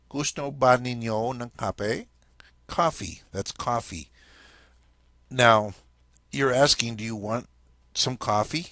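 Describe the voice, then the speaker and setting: A man's voice: medium pitch, sharp tone, dry recording. A man teaching a language lesson in a casual spoken style, explaining step by step and checking in often with "okay?".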